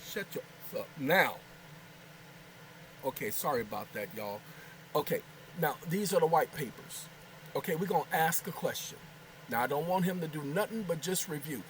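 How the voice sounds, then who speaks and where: A man's voice: fairly high pitch, expressive, fairly quick, slight background noise, poor audio. A man hosting his own video channel, chatting casually at home, rambling and joking while scolding aside. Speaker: channel host. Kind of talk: casual talking-head video chat. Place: home kitchen.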